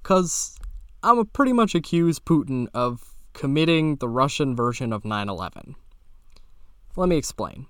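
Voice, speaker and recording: A young man hosts a podcast and tells a story half off the cuff, with a cheeky, sarcastic edge and casual swearing. His voice sits in an ordinary middle pitch and jumps up when he stresses a point. The sound is dry and close, with no room echo. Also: moderate pace, smooth. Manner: animated pitch jumps for emphasis. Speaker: podcast host.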